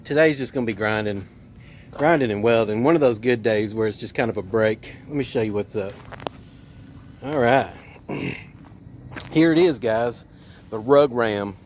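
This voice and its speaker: A man's voice: mid-range voice, normal speed, pauses often, a little mellow, a little hiss or hum. A middle-aged man, a mobile welder telling rambling stories in a casual vlog, recorded outdoors at a work site. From Tennessee. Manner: rambling, laid-back, laughs at his own stories.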